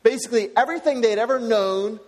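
Male pastor, high voice, emphatic sermon delivery; sanctuary reverb. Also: fast. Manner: emphatic, repeats key phrases.

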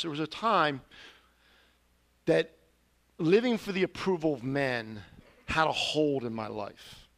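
A man's voice: fairly high pitch, creaky, fairly bright tone. A man preaching a sermon, telling a personal confession in an earnest, storytelling way with sudden emphatic rises. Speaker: pastor.

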